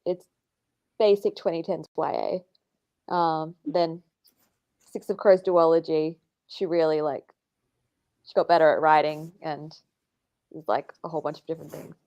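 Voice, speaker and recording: A woman chatting casually, measured and hesitant with frequent ums. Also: sits low, fairly even intonation, a little mellow. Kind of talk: casual chat. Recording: muffled lo-fi audio.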